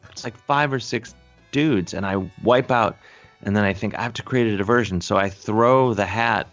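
A man's voice: on the low side, normal speed, fairly bright tone, highs cut off, faint music behind. Rambling man telling a story. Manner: rambling, many fillers and restarts, acts out voices. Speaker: storyteller guest. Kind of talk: casual anecdote.

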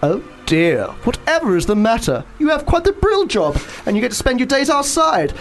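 A man's voice: very high voice, huge pitch swings, normal speed, faint music behind, voice pushed up, exaggerated voice. A man voicing a cheery, pompous male sun in a comic radio sketch, speaking in a theatrical, mock-archaic way. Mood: jolly teasing.

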